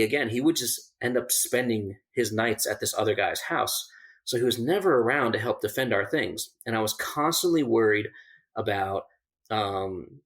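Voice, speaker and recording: A man, a survival instructor, casually telling a story on a podcast, with many fillers and restarts and laughing at the funny parts. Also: medium pitch. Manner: laughs through funny moments.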